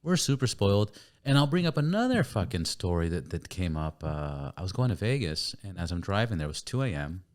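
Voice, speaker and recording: A man's voice: sits low, fairly quick, hardly any pauses. A man from Cuba telling stories and jokes in casual podcast banter, swearing freely and acting out the people in his stories. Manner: animated storyteller, swears often, jokes. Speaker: podcast guest.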